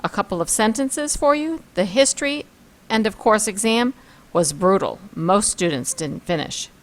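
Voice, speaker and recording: A woman's voice: mid-range voice, lively intonation, moderate pace. A woman teaching a vocabulary lesson, reading words and example sentences aloud and commenting on pictures. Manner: reads word lists and example sentences, then comments on pictures.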